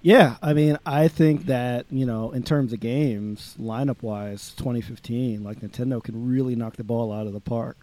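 A man's voice: medium pitch, steady tone, normal speed, hardly any pauses, dark tone. A man talking casually on a podcast, rambling with many restarts and fillers as he lays out his thoughts. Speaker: podcast co-host.

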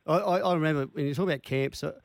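A man's voice: fairly high pitch, rapid-fire, creaky, no room sound. An Australian man hosting a sports radio show, chatting in a folksy way and leading with anecdotes. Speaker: radio host. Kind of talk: casual sports radio interview.

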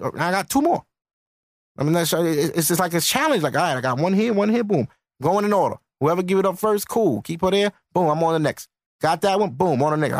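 Male podcast host, blunt lecturing rant, lively swinging delivery, dry room. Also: sits high, no echo.

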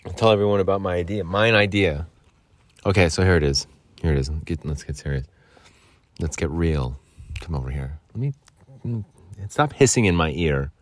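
A man's voice: deep voice, animated, moderate pace, long pauses, no room sound. A young man in his twenties rambling and joking as a podcast host in a vocal booth, swearing now and then. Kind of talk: casual solo podcast chat.

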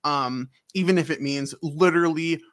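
A man's voice: fairly high pitch, normal speed, a bit bright. A man co-hosting a podcast, rambling through a game recap with lots of ums and acted-out scenes. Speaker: podcast co-host. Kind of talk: casual game recap chat.

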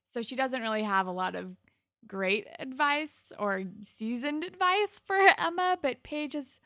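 Young woman with a creaky voice. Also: medium pitch, fairly bright tone, no room sound. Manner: retelling scenes with laughs and swearing. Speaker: podcast co-host. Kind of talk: casual recap chat.

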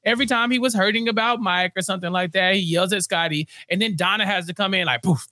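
Male podcast co-host, dry close sound, lively chatty delivery with acted-out quotes. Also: sits high, no room sound. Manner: animated, acts out characters' lines in quick bursts. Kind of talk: casual recap chat.

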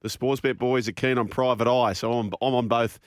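A man's voice: mid-range voice, steady tone, dry recording, clean studio sound. A man with an Australian accent hosting a sports radio show, breezy, giving tips and wrapping up segments. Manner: breezy, quick wrap-ups and tips. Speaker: radio host.

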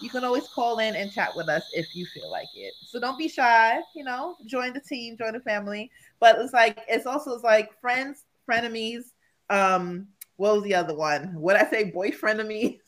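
A woman's voice: fairly high pitch, moderate pace, fairly bright tone, a little hiss or hum. A woman co-hosting a chat podcast, talking in a loose, slangy, rambling way full of "you know". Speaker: podcast co-host. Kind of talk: casual chat.

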